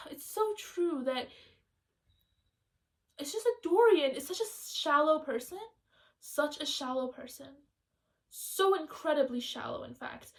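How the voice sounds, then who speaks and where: A young woman talking casually and excitedly in a rambling book vlog, chatty and quick. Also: sits high. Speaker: student book vlogger.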